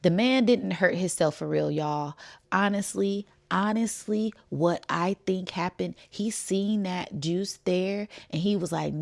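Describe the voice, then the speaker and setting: Low-pitched lady telling a story casually, talks to her viewers, does all the voices. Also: unhurried, gravelly. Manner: animated storyteller, acts out dialogue, laughs often. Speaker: spiritual channel host.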